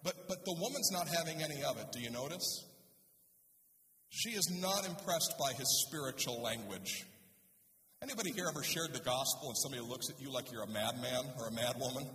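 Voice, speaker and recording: Bright-voiced male pastor in echoey hall. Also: mid-range voice, lively intonation, fairly quick. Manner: conversational preaching with rhetorical questions. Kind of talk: sermon. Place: church sanctuary. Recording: echoey hall, speaker far from mic.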